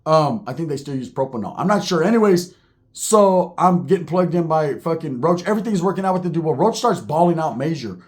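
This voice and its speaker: A man spinning a profane, animated street story, heavy on slang and asides. His voice sits fairly high for a man. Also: fairly quick.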